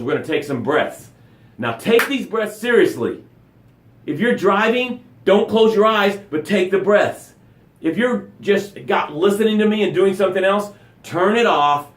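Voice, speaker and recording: Fired-up male motivational coach, roomy sound. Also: a little high. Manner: energetic, preachy, with whoops and shouts, then drops to soft breathing cues. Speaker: motivational coach hosting a daily live broadcast. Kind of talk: motivational live-stream talk.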